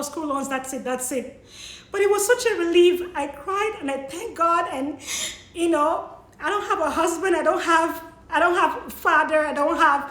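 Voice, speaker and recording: Tearful high-voiced woman in an echoey room. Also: fairly bright tone. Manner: emotional, apologetic, laughs through tears. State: tearful, sniffling. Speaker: vlogger sharing money tips. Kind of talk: emotional personal vlog.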